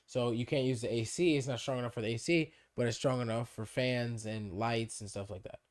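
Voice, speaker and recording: A man's voice: medium pitch, a little fast. A man co-hosting a podcast, telling a story in a loose, swearing way and acting out who said what. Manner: swears freely, acts out quoted dialogue. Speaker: podcast co-host. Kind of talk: casual storytelling chat.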